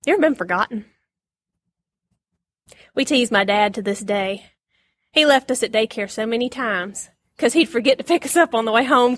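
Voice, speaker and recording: A woman giving a casual Bible lesson, chatty and quick to laugh, acting out the lines she quotes. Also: fairly high pitch, a bit bright. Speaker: Bible teacher.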